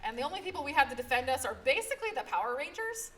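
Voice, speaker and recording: A high-pitched woman librarian narrates stories with lively, emphatic drive, checking in with her listeners every few sentences. She is heard from some distance off the mic in a live convention room, with faint noise underneath. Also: very fast. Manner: animated, emphatic storytelling, repeated "okay?" check-ins. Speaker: librarian presenting a manga panel. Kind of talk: live convention panel talk. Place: convention panel room, live before an audience.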